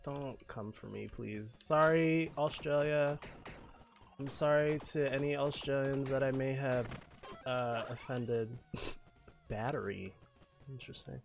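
A man's voice: medium pitch, steady tone, takes it slowly, vocal fry, faint music behind. A man streaming a game, chatting and telling rambling stories in a playful, campy way. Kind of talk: casual game-stream chat.

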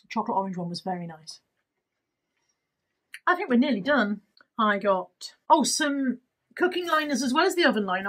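Chatty husky woman. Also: mid-range voice, low-quality recording. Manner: chatty, rambling, self-deprecating. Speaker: YouTuber showing a shopping haul. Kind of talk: casual haul vlog. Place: indoors at home, at a table. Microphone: camera on the table.

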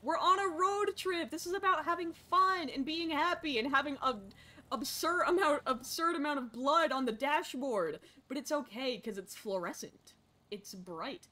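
Her voice is high and her speed normal as this young woman streams a game in character as a frazzled parent. Excitable and chaotic, she mutters and then suddenly shrieks.

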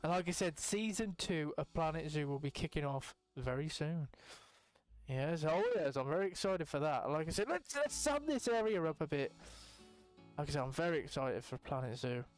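Young male gaming host, high-ish voice, hyped rambling banter, faint music under. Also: normal speed. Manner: excitable, rambling, swears casually. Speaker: gaming YouTuber. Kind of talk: casual let's-play commentary.

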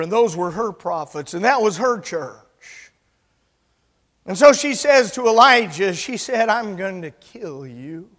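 A man in his sixties, a pastor preaching an emphatic sermon that swings from loud to soft. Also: high voice. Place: church sanctuary. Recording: long church reverb.

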